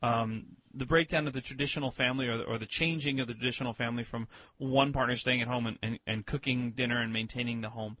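A man's voice: medium pitch, steady tone, fast, highs cut off. A man hosting a radio talk show, joking with his guest and then asking thoughtful questions. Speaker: radio host.

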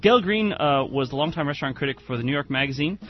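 A man's voice: on the high side, animated, fast. A man hosting a restaurant talk radio show, telling amused stories in easy banter. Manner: chatty, amused storyteller. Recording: dry, slightly muffled studio mic.

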